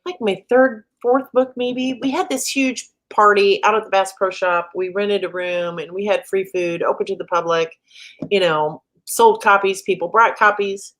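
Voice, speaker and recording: A woman's voice: mid-range voice, steady tone, moderate pace, a bit bright. A middle-aged woman from the Midwest, a guest author telling funny stories in a casual interview, laughing often. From American Midwest.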